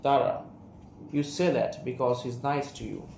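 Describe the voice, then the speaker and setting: This is a sharp, resentful young woman in an audio play, read by a young man. The Indian English delivery is unhurried and gravelly, with her name and the stage directions spoken aloud. The sound is roomy, with a faint hiss underneath. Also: medium pitch. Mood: bitter. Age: young adult. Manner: reads character names and stage directions aloud. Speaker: student reader.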